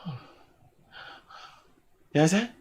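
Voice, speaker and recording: A man with a Guyanese accent hosting a live talk show, telling stories casually and laughing often. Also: takes it slowly. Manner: animated storytelling with frequent laughter.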